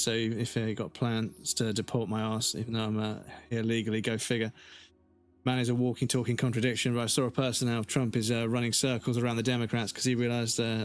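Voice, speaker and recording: A man streaming a game, ranting heatedly in casual chat and swearing constantly. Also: medium pitch.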